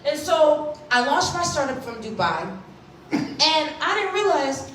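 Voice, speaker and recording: A woman's voice: high voice, lively intonation, measured pace, slight background noise. A Haitian-born woman in her thirties giving a motivational keynote at a conference. She speaks emphatically and keeps checking in with the audience. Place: large conference hall. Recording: echoey hall, recorded from a distance.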